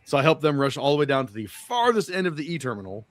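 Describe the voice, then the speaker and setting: A man's voice: fairly high pitch, very animated, fast, no echo. A man telling a profane, rambling travel story on a podcast, acting out the people he met. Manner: profane, rambling anecdote with quoted dialogue. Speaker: podcast guest or co-host.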